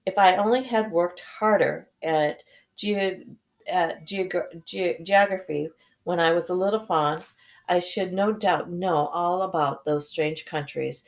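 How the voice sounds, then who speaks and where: A woman's voice: fairly low pitch, a little slow. Woman reading as a polite, fussy male faun. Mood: courteous. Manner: formal and courteous.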